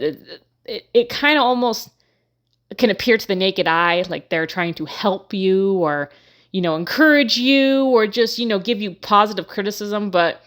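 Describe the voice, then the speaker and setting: A woman's voice: mid-range voice, a bit bright. A woman hosting her own channel, talking casually and frankly with many fillers like "um" and "you know.". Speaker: host. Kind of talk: casual commentary to camera.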